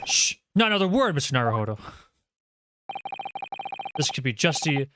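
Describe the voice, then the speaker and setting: A man voicing a pompous eccentric detective who lectures grandly about his deductions, in a lowered, drawn-out voice. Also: very animated, noisy background, lightly acted. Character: pompous eccentric great detective, male adult.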